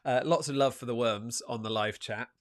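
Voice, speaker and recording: A man's voice: medium pitch, fairly even intonation, normal speed. A man hosting an online competition, chatty and upbeat as he reads out viewer comments. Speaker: host. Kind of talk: live show presenting.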